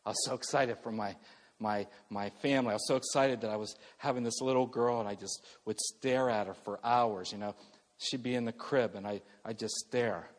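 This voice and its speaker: A middle-aged male pastor preaching a sermon earnestly, moving between loud emphasis and soft, hushed passages. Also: mid-range voice, fairly even intonation, moderate pace, in a large hall.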